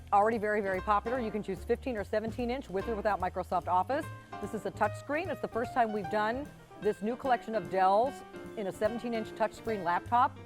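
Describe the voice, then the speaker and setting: A woman hosting a live home shopping show, chatty and talking while tasting food. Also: medium pitch. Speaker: shopping channel host. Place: TV studio kitchen set.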